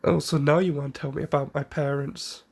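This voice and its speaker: A man's voice: on the high side, level tone, brisk, creaky, darkish tone. A man voicing a clever, serious young ninja boy who speaks earnestly and plainly. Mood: resentful.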